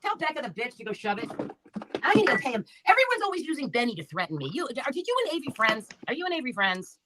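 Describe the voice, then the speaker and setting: A woman's voice: sits high, very animated, fast talker, very noisy. A woman on a livestream, angrily ranting and taunting viewers by name with heavy profanity. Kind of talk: angry livestream rant.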